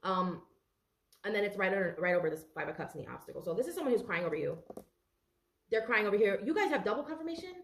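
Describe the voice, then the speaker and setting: Fast-talking woman reading tarot. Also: medium pitch, big pitch swings, roomy sound, slight background noise. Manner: chatty, emotional, swears casually, talks straight to viewers. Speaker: tarot reader. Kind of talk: casual tarot reading to camera.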